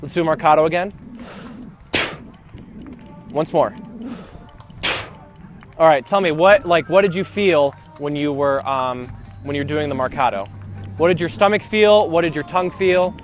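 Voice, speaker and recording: A man's voice: fairly high pitch, unhurried, long pauses. A young man teaching a band rehearsal, counting off beats, singing rhythms and coaching breathing and articulation. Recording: music playing in the background.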